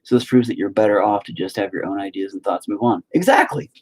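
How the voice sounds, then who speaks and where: A man's voice: on the low side, steady tone, fast talker, background noise. A man giving a casual, rambling monologue, emphatic and heavily profane.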